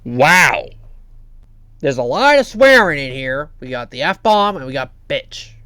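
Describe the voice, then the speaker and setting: A man hosting a reaction video, narrating a story recap in a halting way, often repeating himself and restarting. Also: medium pitch, big pitch swings, sharp tone, clean tone, dry recording.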